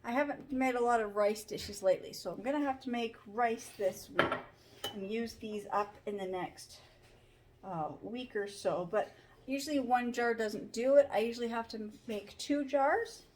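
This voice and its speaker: A woman's voice: on the high side, normal speed, slight background noise. A woman chatting casually in a home vlog, rambling with frequent ums while sounding tired. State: tired, yawning. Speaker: vlogger. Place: home kitchen pantry.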